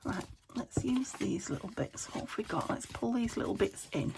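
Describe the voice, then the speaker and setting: A woman's voice: a little high, expressive, normal speed, vocal fry, noisy background. A woman from the UK chatting casually to herself while crafting at home, often dropping to a whisper. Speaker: craft vlogger. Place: home craft room by a window.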